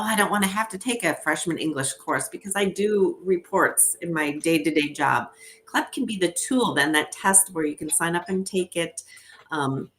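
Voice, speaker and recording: A woman's voice: low-pitched, fairly bright tone, a little hiss or hum. A woman with a Minnesota accent giving an upbeat, chatty presentation as a guest, with frequent ums. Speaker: guest presenter from an education nonprofit. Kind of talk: conversational presentation.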